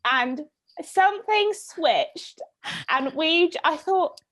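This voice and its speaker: A young woman in casual chat over a video call, telling a story with lively acted-out quotes. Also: very high-pitched, takes it slowly. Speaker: guest.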